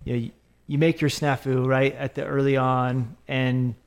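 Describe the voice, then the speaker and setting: A man's voice: mid-range voice, little pitch movement, moderate pace, clean tone. Man hosting a casual interview. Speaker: podcast host.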